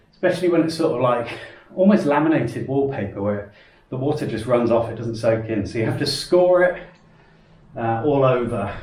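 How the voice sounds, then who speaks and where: A man's voice: mid-range voice, darkish tone, echoey room, slight background noise. A man chatting casually on a home vlog while renovating his house, rambling and self-deprecating. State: out of breath. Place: house under renovation, indoors.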